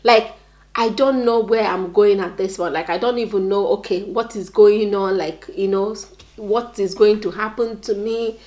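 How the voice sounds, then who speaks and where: A woman's voice: mid-range voice, fairly even intonation, normal speed, darkish tone. Young Nigerian woman telling her story. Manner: earnest, repetitive storytelling with many "like"s. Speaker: vlogger. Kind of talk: story time vlog.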